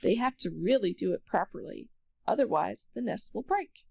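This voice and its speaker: A woman narrating a children's storybook aloud with expressive storytelling. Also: mid-range voice, moderate pace, creaky.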